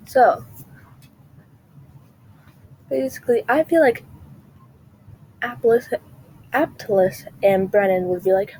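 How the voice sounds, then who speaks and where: Rambling woman vlogger, mellow voice. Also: mid-range voice, a little slow, pauses often, slight background noise, rough recording. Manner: rambling, chatty, trails off and restarts. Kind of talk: casual chat to camera.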